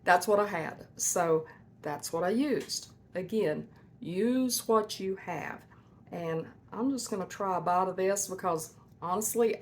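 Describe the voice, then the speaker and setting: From her home kitchen, a woman hosts a homestead cooking vlog, chatting folksily with viewers. Her voice is lowish and a little slow, with slight background noise.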